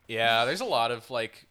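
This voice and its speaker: A podcast co-host with a fairly low, smooth voice rambles through casual chat. He's animated, says "like" constantly, and swears now and then.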